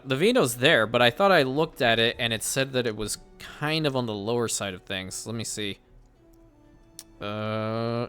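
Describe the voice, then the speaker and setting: A man's voice: medium pitch, pushed and bright. A man hosting casual gameplay commentary, chatting and thinking aloud as he plays, often correcting himself mid-sentence. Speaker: gaming channel host.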